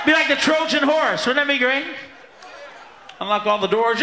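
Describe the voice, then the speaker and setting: Loud, profane man doing stand-up. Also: very high voice, lively intonation, moderate pace, pauses often, a loud crowd. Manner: loud, profane, bursts into shouting. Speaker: stand-up comedian. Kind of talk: stand-up comedy set. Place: live comedy stage. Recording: echoey live venue with room noise.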